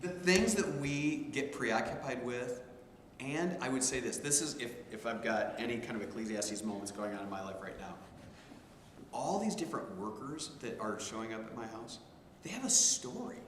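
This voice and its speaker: A man's voice: mid-range voice, expressive, moderate pace. Storytelling male teacher in echoey hall. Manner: storytelling, conversational with many restarts. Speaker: theology instructor. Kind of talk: informal class discussion. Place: classroom. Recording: echoey hall, faint room noise.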